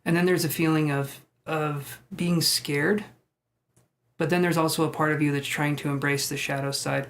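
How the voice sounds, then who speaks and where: A man's voice: a little high, flat delivery, moderate pace, fairly bright tone. A man live-streaming tarot readings, chatting with viewers in a joking, self-deprecating way. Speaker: tarot reader.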